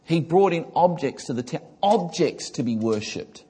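Husky-voiced man preaching in a reverberant hall. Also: fairly high pitch, lively intonation, normal speed, dark tone. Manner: emphatic preaching with big rises and drops. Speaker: pastor. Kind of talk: sermon. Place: church. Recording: long reverb of a large hall.

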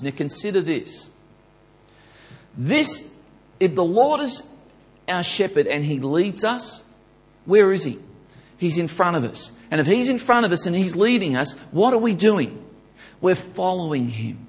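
A man preaching a sermon, building to loud emphatic peaks and repeating his key questions. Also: on the high side, sing-song, unhurried. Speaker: pastor.

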